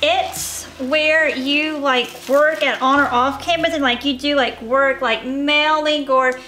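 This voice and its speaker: A young woman from Tennessee chats as an interview guest, giving short, earnest answers with the odd playful aside. Her voice sits high and bright. Soft music plays faintly underneath. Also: fairly even intonation, takes it slowly. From Tennessee, USA. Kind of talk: casual interview while baking.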